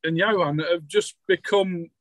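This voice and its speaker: A man's voice: high-pitched, fairly even intonation, unhurried, a bit bright, dry recording, poor audio. A man narrating a tabletop game as game master, rambling loosely with many fillers.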